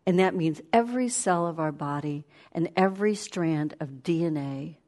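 Lower-voiced woman giving a chatty sermon. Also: moderate pace. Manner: animated, storytelling, laughs while speaking. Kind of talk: conversational sermon.

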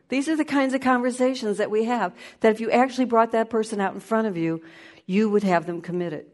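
A woman giving a spiritual talk, shifting between lively play-acting of inner voices and slow, hushed guidance. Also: fairly high pitch. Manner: animated, acts out inner voices with laughter; slows into soft, hushed guidance. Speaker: spiritual teacher.

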